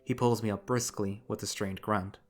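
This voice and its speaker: A man reading a visual novel aloud in the first person, measured and subdued. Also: on the low side, steady tone, faint music behind. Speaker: reader.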